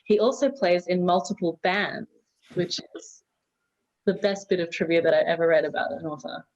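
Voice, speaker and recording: A woman's voice: fairly low pitch, normal speed, a little mellow. A woman hosting an event, reading out a formal guest introduction on a video call. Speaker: event host. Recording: muffled lo-fi video call audio.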